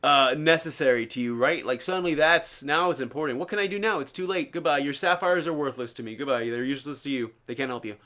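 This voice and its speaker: A man's voice: medium pitch, fast talker, few pauses, sharp tone, close to an everyday voice. A man voicing a stern older holy teacher who coldly turns away a pleading follower. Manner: stern, dismissive scolding.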